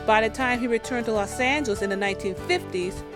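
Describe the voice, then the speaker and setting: A woman's voice: fairly high pitch, fast. A woman hosting an entertainment show, narrating a music tribute segment in a conversational way with a few fillers and restarts. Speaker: show host.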